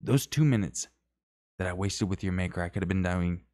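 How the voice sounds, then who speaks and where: Deep-voiced man rambling on a live stream. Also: a little fast, a little mellow. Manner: rambling, joking, self-deprecating. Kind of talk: casual live stream chat.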